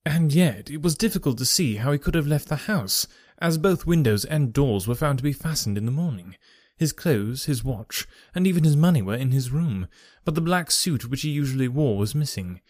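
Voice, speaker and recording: A man narrating a story aloud in a measured, formal storytelling manner. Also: medium pitch, lively intonation, darkish tone, no room sound, studio quality. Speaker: audiobook narrator. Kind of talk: scripted narration.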